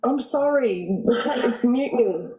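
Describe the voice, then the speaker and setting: A woman's voice: a little high, animated, takes it slowly, echoey room, noisy background. A woman calling into a live stream who jokes bluntly. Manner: blunt, joking. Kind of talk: casual call-in chat.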